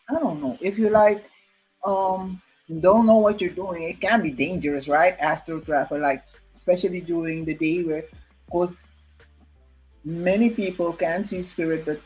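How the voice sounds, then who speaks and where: Brief: slow, musing chatter with hums, faint music behind. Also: mid-range voice, low-quality recording. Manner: slow, musing, many hums and small laughs. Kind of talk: casual chat.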